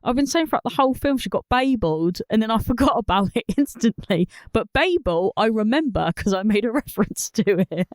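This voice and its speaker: A person co-hosting a casual film review chat, chatty and giggly with quick asides. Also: medium pitch, lively intonation, dry recording. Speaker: film podcast co-host.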